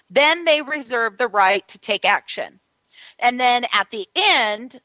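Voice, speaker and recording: A woman's voice: a little high, bright, forceful tone, dry recording, poor audio. A woman co-hosting a casual radio talk show, chatting and telling a story with lots of fillers. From California. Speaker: co-host.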